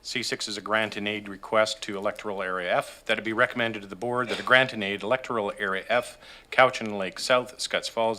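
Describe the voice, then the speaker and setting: A Canadian man reads agenda items aloud in a council chamber. His voice is low and bright, and his steady, formal delivery carries the odd "uh". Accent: Canadian English. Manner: steady formal reading with occasional fillers. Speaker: staff member presenting agenda items. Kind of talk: reading motions at a public committee meeting.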